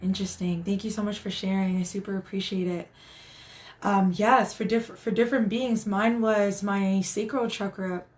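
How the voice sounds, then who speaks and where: A woman's voice: mid-range voice, fairly even intonation, normal speed, darkish tone. A woman hosting a casual live stream as a spiritual guide, talking in an earnest, encouraging way with many restarts.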